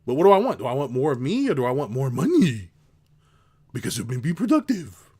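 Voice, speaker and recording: Man ranting, business coach, middle-aged, swearing, mocking, average pitch. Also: wildly swooping pitch, brisk, darkish tone, husky. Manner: ranting, swears, mocks people in put-on voices. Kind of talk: unscripted rant to camera.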